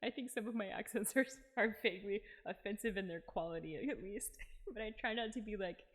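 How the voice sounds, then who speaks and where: A woman's voice: mid-range voice, brisk. A woman streamer chatting casually while reading a game, giggly and self-mocking. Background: game music.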